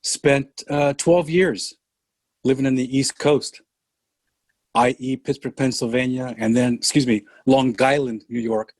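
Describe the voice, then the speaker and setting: An older man from San Francisco speaking as a podcast guest, earnest and deliberate in a reflective conversation. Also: mid-range voice, fairly even intonation, no echo. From San Francisco, California.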